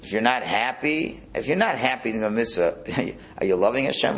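A man teaching a Hasidic Torah class, animated and prone to repeating words and restarting his phrases. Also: mid-range voice, moderate pace, slight background noise. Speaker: religious teacher.

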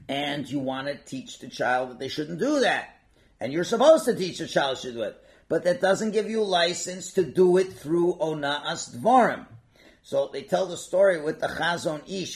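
An older man teaching a casual religious class, digressing and acting out quotes with lots of feeling. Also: a little high. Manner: animated, digressive, acts out quotes.

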